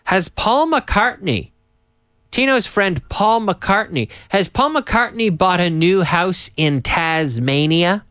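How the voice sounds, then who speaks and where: A man teaches on a live stream, his voice sitting a little high and swinging up and down with energy. He sounds upbeat and teacherly, and he repeats phrases slowly for learners. The sound is close and dry. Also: expressive, bright, forceful tone, clear, resonant tone, no room sound. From Canada. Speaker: English teacher and host. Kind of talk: live-streamed English lesson.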